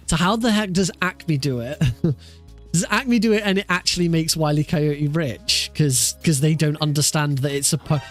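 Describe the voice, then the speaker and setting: Guy streaming a speedrun, kinda high voice, laughs constantly, swears casually, faint music under him. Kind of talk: casual live-stream chat.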